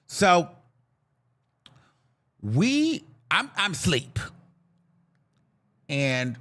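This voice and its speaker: A man with a high voice tells a long, wandering story on his podcast. His tone is bright and sharp, and he is loose and profane, jumping into other people's voices as he goes. It sounds like casual talk, not a reading. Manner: animated, rambling, profane, acts out voices in the story. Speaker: podcast host.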